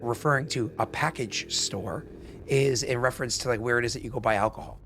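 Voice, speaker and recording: A man's voice: mid-range voice, fairly quick, a bit bright. A man with a New England accent chats loosely on a live tabletop stream. He swears freely and acts out the people he quotes. A faint hiss sits under his voice. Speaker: game master and stream host. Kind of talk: casual chat on a live stream.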